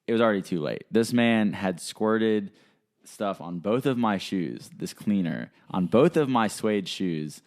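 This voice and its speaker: A young man hosting a podcast, telling a story in casual chat and acting out the people he quotes. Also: a little slow. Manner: animated storyteller who acts out quotes in a higher voice. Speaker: podcast host.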